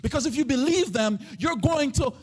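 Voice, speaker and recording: A man preaching a live church sermon as pastor. He delivers it with passion in a sing-song chanting cadence, swinging between shouting and hushed tones. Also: very high-pitched, animated, moderate pace. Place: church sanctuary.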